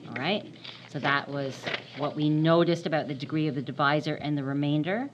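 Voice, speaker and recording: A woman's voice: low voice, fairly quick, muffled recording, background noise. A woman teaching a math lesson, repeating and stressing key terms and often checking in with "right?". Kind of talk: recorded classroom math lesson.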